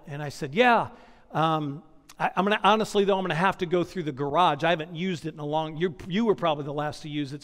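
A man preaching a sermon as pastor, building points through repetition and personal stories. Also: sits high. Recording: long hall reverb.

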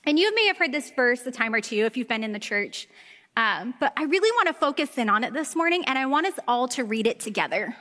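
Bright high-voiced woman preaching in a hall. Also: fast talker. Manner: animated storytelling, acts out quoted voices. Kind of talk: sermon with personal stories. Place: church sanctuary. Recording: long hall reverb.

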